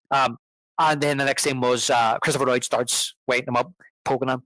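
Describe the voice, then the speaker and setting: A man's voice: medium pitch, steady tone, a little fast, a bit bright, no echo, poor audio. A man co-hosting a film podcast, chatting casually and retelling film scenes at length while quoting their lines and chuckling often. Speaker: podcast co-host. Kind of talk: casual film review chat.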